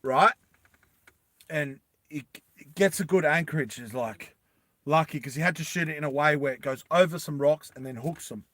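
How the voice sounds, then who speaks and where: A man retells an adventure story in a loose, rambling way, full of fillers and restarts. His voice is bright and somewhat high for a man. The sound is close and dry, with no room around it. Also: moderate pace, no echo. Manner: rambling, animated, with many fillers.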